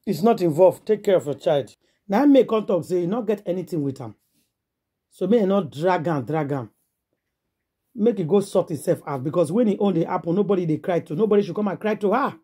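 A Nigerian woman with a husky, breathy voice, spinning celebrity gossip for her vlog. Her delivery is dramatic, with quick put-on voices for each person in the story and frequent asides to her audience. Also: on the low side, lively intonation, dark tone. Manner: dramatic, acts out the quoted voices, calls on the audience directly.

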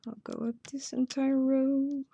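A woman's voice: sits high, little pitch movement, a little slow, creaky, warm tone, a little hiss or hum. A woman with a Dutch accent, a native Dutch speaker, hosting a casual step-by-step craft tutorial and chatting to herself as she works. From Netherlands. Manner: chatty, self-talking while working.

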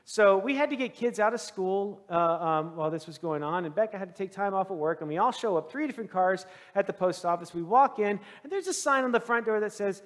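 A middle-aged male pastor with a notably high voice preaches in a church sanctuary, his words trailing into a long reverb. He tells his story in an animated, self-deprecating way, swinging between loud bursts and hushed stretches. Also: a little fast, hardly any pauses. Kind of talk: sermon with personal storytelling.

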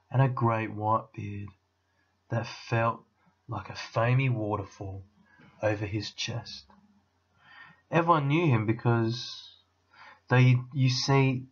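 A man, a teacher, reading a children's novel aloud with expressive storytelling. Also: medium pitch, dull audio.

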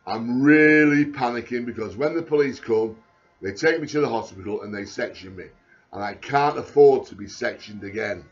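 A man, talking in a rambling video diary, halting and repetitive with many restarts, sounding anxious and panicky. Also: medium pitch, muffled recording.

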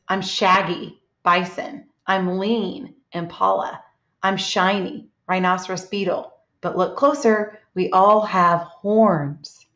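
A woman teaching a reading lesson to young children, reading aloud slowly and gently and stopping to ask them questions. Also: on the low side. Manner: slow, gentle, asks children questions and pauses. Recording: echoey, dull lo-fi room sound.

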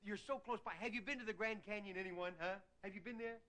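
A male comedian telling a rambling folksy stand-up monologue, slipping into quick character voices. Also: sits high. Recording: old TV recording, loud audience laughter. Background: live studio audience laughing.

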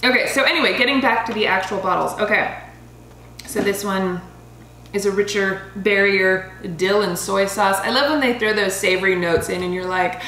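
A woman in her thirties chatting casually as she reviews wines, bubbly and quick to laugh, stumbling over foreign names. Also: medium pitch, a bit bright. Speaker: vlogger reviewing wine. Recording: roomy home recording with faint hum.

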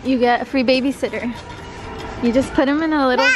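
A woman's voice: high voice, fairly quick, over loud music. A young woman vlogging in a furniture store, talking to the camera in a chatty and playful way. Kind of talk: casual vlog chat.

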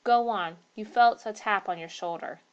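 Woman doing an uneasy yet affable gentleman, storybook ghost tale, near her own voice. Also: high voice, moderate pace, smooth, highs cut off. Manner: uneasy, then hearty and affable. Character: uneasy but hearty male traveller.

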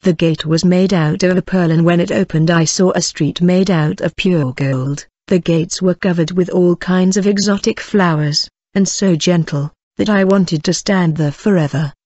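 A woman's voice: fairly low pitch, normal speed, hardly any pauses, warm tone, no room sound. A woman earnestly telling her religious testimony, speaking directly to her listeners. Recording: dull dry lo-fi recording.

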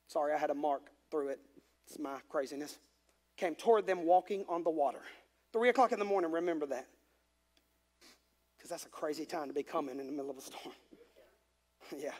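A male pastor preaches in a church sanctuary, his voice pitched high for a man. He reads scripture aloud and breaks in with emphatic, conversational commentary. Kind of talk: sermon.

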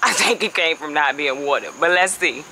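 A woman's voice: deep voice, moderate pace, bright, forceful tone, a little hiss or hum, poor audio. A woman chatting casually as she walks viewers through her backyard garden on a handheld phone, laughing often and calling them y'all. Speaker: home gardener vlogger. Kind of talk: casual garden walkthrough vlog.

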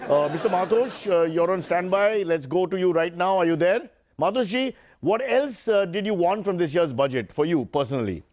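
A man's voice: high-pitched, lively intonation, moderate pace, darkish tone. A man with an Indian English accent hosting a comedy news show, with sardonic, mock-serious asides. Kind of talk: satirical news comedy monologue.

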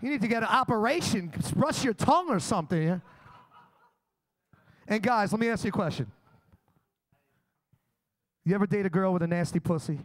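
A man's voice: high-pitched, lively intonation, moderate pace, long pauses. A young man doing a crude, boastful stand-up set in a comedy club. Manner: brash, crude, boastful storytelling.

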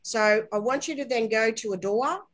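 A woman guiding a spiritual healing session in a gentle, unhurried voice. She coaxes and reassures, slowing each step down and speaking with tender endearments. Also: a little high, low-quality recording. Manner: soft, slow, coaxing guidance with gentle endearments. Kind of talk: guided inner-child healing session.

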